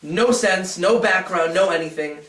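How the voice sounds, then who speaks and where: A man with a slightly high voice gives a candid interview, blunt and profane, acting out the back-and-forth of old arguments. He sits a little away from the mic in an echoey room. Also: normal speed, a bit bright, distant mic, slight background noise. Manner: blunt and profane, acts out quoted dialogue. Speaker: documentary interviewee, wrestling insider. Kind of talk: candid recollection.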